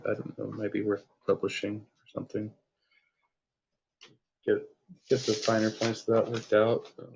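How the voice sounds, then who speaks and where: Low-voiced man reading his own story. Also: gravelly, slight background noise. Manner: unhurried reading, then rambling and self-deprecating with swearing. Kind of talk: first-person story reading, then casual chat. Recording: lo-fi, dull sound.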